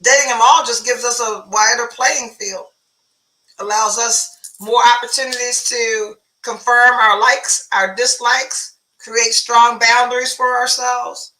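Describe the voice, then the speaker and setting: A confident woman in her fifties talking through dating advice in a matter-of-fact way. Her voice is bright and sharp. She sits a little back from the microphone. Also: a little high, fairly even intonation, a little slow, recorded from a distance, rough recording. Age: 50s. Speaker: relationship guru and talk show guest. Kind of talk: casual chat.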